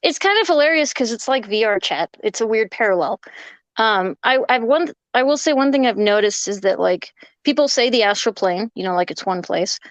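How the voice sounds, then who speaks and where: A woman's voice: on the high side, animated, fairly quick, no room sound. A woman guest on a casual podcast, telling long rambling stories full of "like". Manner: rambling storyteller, many fillers of "like".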